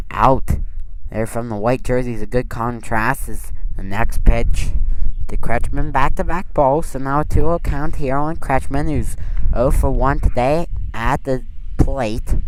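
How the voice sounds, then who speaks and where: A young man giving steady play-by-play commentary on a high school baseball game from behind home plate, lifting his voice on the big plays. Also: slight background noise, poor audio. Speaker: play-by-play announcer.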